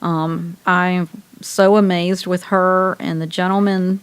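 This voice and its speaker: A woman's voice: on the low side, little pitch movement, takes it slowly, smooth. Chatty Southern woman co-hosting. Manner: chatty, laughs often, tells stories at length. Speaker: radio show co-host. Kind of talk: casual chat.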